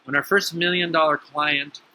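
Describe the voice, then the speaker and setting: A man telling stories in a motivational talk about the mind, emphatic, with sudden lively jumps in pitch. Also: normal speed, low-quality recording. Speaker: spiritual teacher.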